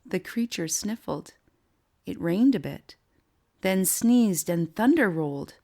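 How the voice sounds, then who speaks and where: A woman narrating a whimsical storybook in a calm, measured way. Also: medium pitch.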